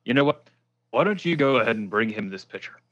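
A man at middle pitch plays his character in a tabletop game, stumbling and hedging with lots of fillers but clearly enjoying it. His voice sounds somewhat dull and muffled. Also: animated, fast talker. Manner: hesitant, playful, with many fillers. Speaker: player. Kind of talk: tabletop role-play chat.

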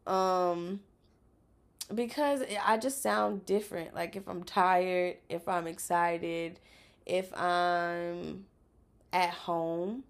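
A woman from South Louisiana hosting a casual podcast in an unhurried, measured delivery. Her voice has a gravelly, fry-heavy texture. She is candid, swears freely and laughs often. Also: on the low side, steady tone. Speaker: podcast host.

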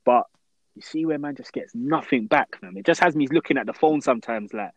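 A young man chatting casually on a podcast, animated and slangy, acting out mock-outraged exchanges. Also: fairly high pitch, a little fast, no echo, low-quality recording. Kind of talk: casual chat.

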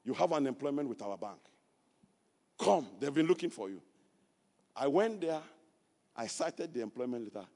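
A Nigerian man preaching a sermon, telling a personal story and building to loud, emphatic preaching. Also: fairly low pitch, long reverb tail. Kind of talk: sermon testimony.

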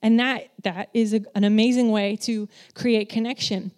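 A woman's voice: a little high, moderate pace. A woman giving a conversational sermon as a church speaker who works in children's ministry, candid and self-deprecating, acting out the voices she quotes. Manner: animated, acts out quoted voices.

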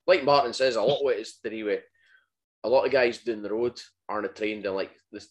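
A man hosting a casual chat, asking relaxed questions and dropping in short agreements. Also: lowish voice, brisk.

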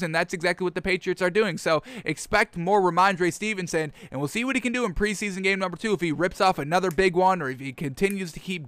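A man giving solo football commentary, excitably ranting and calling his viewers "folks". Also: high voice, clean tone, no room sound. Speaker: sports commentator.

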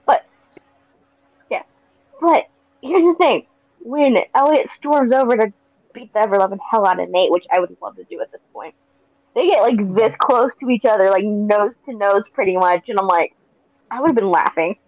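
A woman's voice: mid-range voice, normal speed, long pauses, no room sound. A woman co-hosting a podcast in casual chat, with enthusiastic, laughing asides. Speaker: podcast co-host. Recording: dry, dull lo-fi audio.

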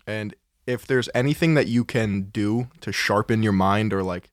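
A man co-hosting a podcast, talking in a calm, dry, matter-of-fact way. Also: lowish voice, normal speed, no echo. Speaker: podcast co-host. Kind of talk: casual podcast chat.

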